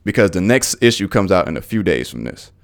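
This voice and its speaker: A young man hosting a podcast, telling stories casually in an animated, profane, slangy way. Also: deep voice, brisk, vocal fry. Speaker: podcast host. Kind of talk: casual storytelling monologue.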